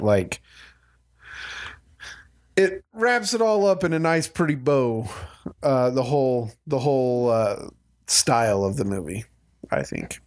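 A man in casual conversation with friends about action films, enthusiastic and quick to add details. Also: mid-range voice. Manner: enthusiastic, jumps in to correct details. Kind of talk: casual movie chat.

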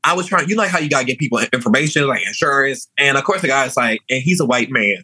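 A young man telling a story in an animated, sassy way, chatting casually. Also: mid-range voice, fast, breathy edge, dry recording, poor audio. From New Orleans. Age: young adult.

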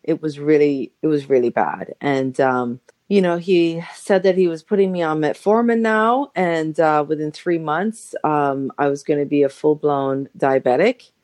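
A woman's voice: low-pitched, measured pace, hardly any pauses, darkish tone, dry recording. A woman in her forties, a guest telling an emotional personal story in a chatty way, full of fillers, sometimes acting out quoted voices. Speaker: interview guest. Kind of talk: personal story in a podcast interview. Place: Los Angeles.

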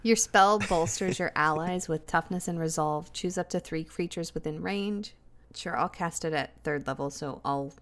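Low-pitched woman reading out game rules. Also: moderate pace. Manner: reads spell rules out matter-of-factly. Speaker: player. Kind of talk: tabletop role-play.

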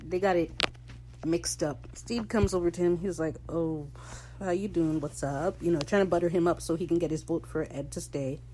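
A woman's voice: lowish voice, fairly even intonation, brisk, warm tone, slight background noise. A woman hosting a casual episode recap, chatty and joking, with slangy asides and free swearing. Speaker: podcast host recapping a TV episode.

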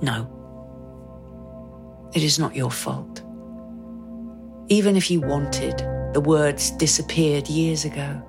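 A woman's voice: low voice, slow, creaky, pauses often, over music, full character voice. A woman actor delivering a scripted first-person dramatic monologue in an intimate, brooding way.

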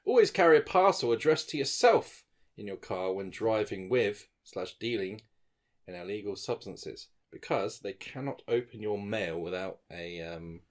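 A man's voice: fairly low pitch, animated, moderate pace. A young man, reading out tips one by one in a dry manner during casual banter.

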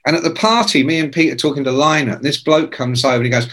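Speaking fast in a fairly high voice, a guest in his sixties rattles off rambling, profane stories in casual conversation. He's animated and performs the voices of whoever he quotes.

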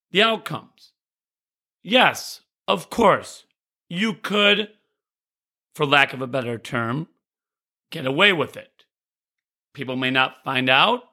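A man's voice: a little high, sharp tone. A male teacher telling a personal story about owning up to a mistake, earnest and repeating phrases for emphasis, stumbling over restarts now and then. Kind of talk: personal story, motivational talk.

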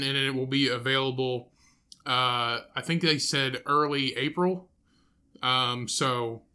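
A male podcast co-host who talks loosely, swears and laughs a lot. His voice sits a bit high and sounds bright and forceful. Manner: loose and profane, laughs often, trails off. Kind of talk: casual chat.

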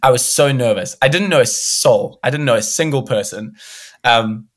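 A young man, a musician guest in a casual interview, telling an animated story and acting out what people said. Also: mid-range voice, normal speed. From South Africa. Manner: animated storyteller, acts out quoted dialogue.

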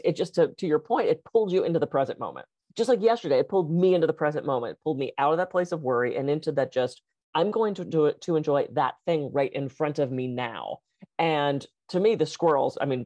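A woman co-hosting a podcast, telling stories in an animated, laughing way. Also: low voice, no echo, dull audio. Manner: animated, laughing, bouncy storyteller. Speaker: podcast co-host. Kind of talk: casual chat.

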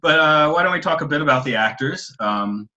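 A man's voice: fairly high pitch, lively intonation, brisk, bright, forceful tone, highs cut off. A man co-hosting a film podcast, chatting casually and laughing often at his own asides. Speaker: podcast co-host.

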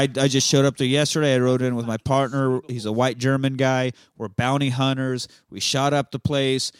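A man's voice: medium pitch, clear, resonant tone, no room sound, clean studio sound. A man hosting a podcast, animatedly retelling film scenes in casual, profane chat. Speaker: podcast host.

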